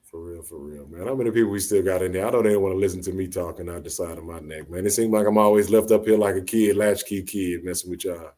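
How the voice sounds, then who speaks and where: A man hosting a live late-night talk show, chatting casually with a soft-spoken, laid-back, joking manner over a phone line. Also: low-pitched, fast talker, hardly any pauses. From Orange, Texas. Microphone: phone call into live audio show.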